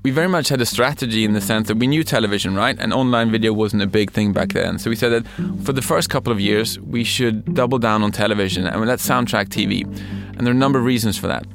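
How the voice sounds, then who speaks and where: A middle-aged man from Sweden, a company head who explains his points in measured, listed steps in a conversational interview. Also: fairly low pitch, vocal fry, music in the background. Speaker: company CEO and co-founder, guest.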